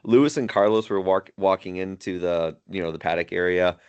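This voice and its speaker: A man's voice: low voice, fairly quick, clean tone, muffled recording. A man co-hosting a podcast in casual chat, laughing often as he retells funny moments and rambling through his points. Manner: rambling, many fillers and restarts. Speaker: podcast co-host.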